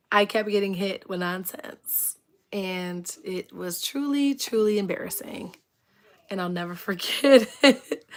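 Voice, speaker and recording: A woman hosting a casual livestream, telling rambling stories full of "like", laughing, and greeting viewers in chat. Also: medium pitch. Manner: expressive, laughs often. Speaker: livestream host.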